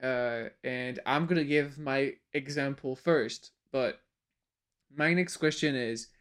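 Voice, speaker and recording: A male host puts questions to a panel, pausing often with hesitant fillers. His voice is smooth and clear at a medium pitch. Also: a bit bright. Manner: questioning, hesitant with many uh pauses. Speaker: podcast host. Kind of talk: hosting a casual panel chat.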